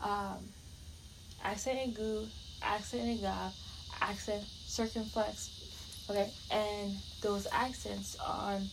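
Slow-talking French Canadian woman ranting. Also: mid-range voice, gravelly, background noise. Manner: rambling, indignant, with many fillers and restarts. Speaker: podcast host. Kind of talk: casual monologue.

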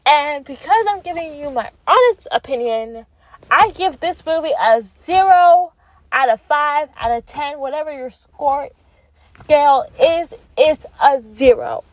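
Sitting in her parked car, this young vlogger with a Canadian accent talks through a film in a casual review vlog, emphatic and quick to poke fun at herself. Her high-pitched voice is expressive and unhurried, recorded with no room sound.

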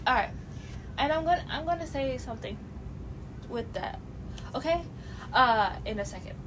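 A woman's voice: animated, moderate pace. A young woman chatting casually on a vlog, giving blunt, rambling opinions about a reality show with lots of fillers and restarts. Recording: noticeable background noise with a low rumble.

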